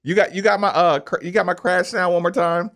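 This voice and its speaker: A man's voice: high voice, brisk. A man hosting a sports radio show, joking with his co-host between ad reads and calls. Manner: lively, laughs often, jokes with co-host.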